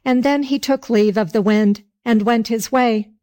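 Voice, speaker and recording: A woman narrating a folk tale in a slow storybook reading with old-fashioned phrasing. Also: a little high, dark tone.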